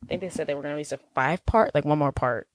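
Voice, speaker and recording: A woman's voice: low voice, very fast, no echo, clean studio sound. A woman co-hosting a podcast, chatting casually, teasing and laughing with her guest. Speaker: podcast co-host. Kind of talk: casual chat.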